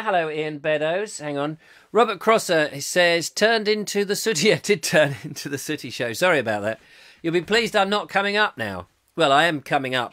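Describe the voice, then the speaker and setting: A man's voice: fairly high pitch, fairly bright tone. Rambling English man hosting live chat. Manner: rambling, self-mocking, reads comments aloud. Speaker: chat show host reading viewer comments. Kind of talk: casual live-stream chat.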